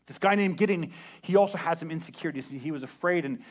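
Animated man preaching a sermon. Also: fairly high pitch, quick pace. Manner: animated, acts out voices and quotes. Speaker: pastor.

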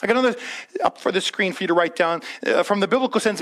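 A male pastor with a notably high voice preaches to a congregation, animated and conversational. He acts out short quoted voices and drops into slow, low prayers for emphasis. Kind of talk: sermon.

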